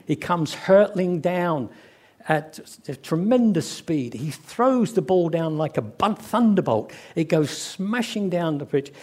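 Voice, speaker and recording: Man, preaching; tells stories with animated, fairly high delivery. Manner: animated storyteller who acts out quoted voices. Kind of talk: sermon with storytelling.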